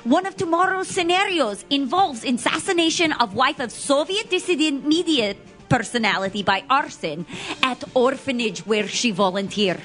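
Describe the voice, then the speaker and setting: A brassy Russian game-show hostess. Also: female voice, high-pitched, animated, fairly bright tone, soft background music. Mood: grandiose. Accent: put-on Russian. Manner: broken English, theatrical, drawn-out. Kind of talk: comedy sketch.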